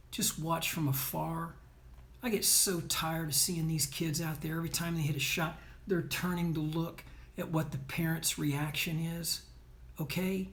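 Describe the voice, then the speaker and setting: Emphatic coach with a high voice. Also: male voice, level tone, a little slow, fairly bright tone. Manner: emphatic, keeps asking "right?" and "okay?"; blunt, scolding tone. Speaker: sports performance coach. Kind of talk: motivational talk.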